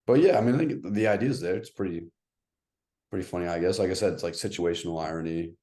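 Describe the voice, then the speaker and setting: A young man with a very low, mellow voice gives slow, uncertain feedback. He hedges and trails off in a laid-back, chatty way. It sounds like a casual talk between friends. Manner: hesitant, hedging, trails off. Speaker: co-host giving feedback. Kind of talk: casual comedic critique.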